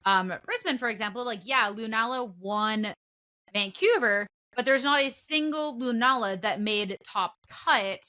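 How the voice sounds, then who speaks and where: A young Canadian woman co-hosting a podcast, rambling in casual chat with lots of fillers and trailing off quietly. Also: on the high side, expressive, unhurried. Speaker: podcast co-host.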